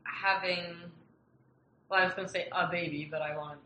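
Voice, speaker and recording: An interviewer asking gentle, soft-spoken questions in a casual conversation. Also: medium pitch, fairly even intonation, moderate pace, reverberant, a little hiss or hum, poor audio.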